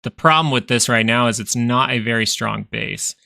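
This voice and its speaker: A man's voice: mid-range voice, moderate pace, gravelly, pushed and bright, no echo. A man hosting a live stock market stream, chatting casually as he walks through charts, thinking aloud and repeating phrases for emphasis. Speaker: stock market livestream host.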